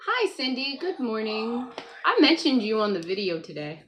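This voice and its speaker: A woman's voice: fairly high pitch, very animated, moderate pace, a bit bright, a little hiss or hum, low-quality recording. A woman hosting a casual morning livestream at home, chatting to viewers, reading the chat aloud and talking to her child beside her. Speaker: livestream host. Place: at home by a computer.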